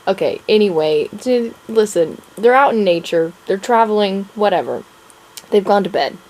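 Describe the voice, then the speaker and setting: A woman's voice: mid-range voice, lively intonation, moderate pace, a little mellow, low-quality recording. A young woman author chatting casually in a vlog, gushing and laughing often as she talks about and reads her own draft. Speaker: author vlogger.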